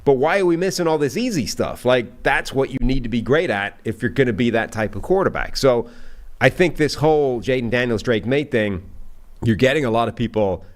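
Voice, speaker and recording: A man's voice: medium pitch, animated, fairly quick. A man co-hosting a casual sports podcast, talking football in a dry, wry way. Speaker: analyst co-host.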